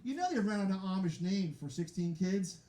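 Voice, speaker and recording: High-voiced man doing rambling stand-up. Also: expressive, normal speed, dark tone. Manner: rambling, self-mocking, laughs at own jokes. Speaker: stand-up comedian. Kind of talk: stand-up comedy set. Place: live comedy venue with audience. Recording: roomy live venue sound.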